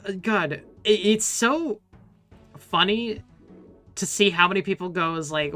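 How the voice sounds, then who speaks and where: A bright-voiced American man rambles through casual stream chat. He laughs often and swears offhandedly. Faint music runs behind. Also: high voice, unhurried, pauses often. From United States.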